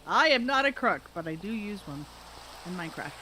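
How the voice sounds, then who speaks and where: A woman's voice: mid-range voice, very animated, brisk, a crowd in the background, poor audio. A woman streamer chatting casually while gaming, telling rambling stories full of restarts.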